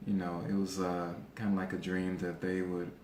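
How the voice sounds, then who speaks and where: A man in his forties talking in a casual, reflective way, measured and pausing with fillers. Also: low-pitched, monotone. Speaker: podcast co-host. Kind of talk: casual conversation. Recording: echoey room with faint background noise.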